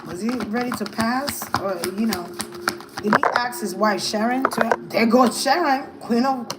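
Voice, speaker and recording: A woman's voice: on the high side, measured pace, very noisy. A woman giving a casual tarot reading, thinking aloud in a hesitant, musing way. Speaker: tarot reader.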